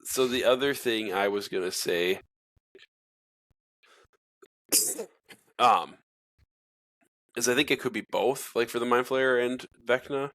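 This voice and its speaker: A man's voice: medium pitch, unhurried, fairly bright tone, no room sound. A man co-hosting a podcast, talking casually and rambling with lots of filler words. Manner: rambling, heavy on filler words, laughs easily. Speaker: podcast co-host. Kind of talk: casual chat.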